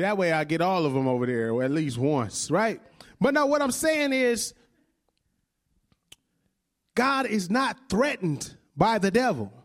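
A man's voice: sits high, lively intonation, moderate pace. A male preacher in his thirties giving a conversational sermon, often checking in with "right?" and laughing along with the congregation.

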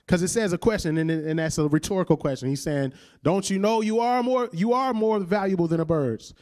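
High-voiced preaching man. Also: a little mellow. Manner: conversational preaching, calls the congregation to repeat after him; slows down and drops his voice on key lines. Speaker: pastor. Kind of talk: sermon.

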